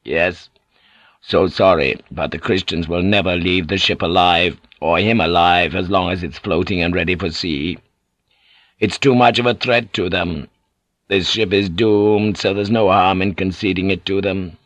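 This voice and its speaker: Man doing a shrewd tired old warlord, low voice, slow and calculating, dry close sound. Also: fairly even intonation, dry recording. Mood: calculating, intimate. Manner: measured, calculating and quietly commanding. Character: shrewd, weary older male warlord.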